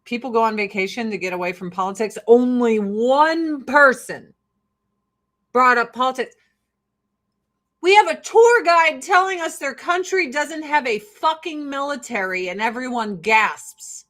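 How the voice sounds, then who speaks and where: A woman's voice: sits high, expressive, unhurried, fairly bright tone. Brash, profane American woman vlogger. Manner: brash, profane, laughing often. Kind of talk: casual get-ready-with-me chat.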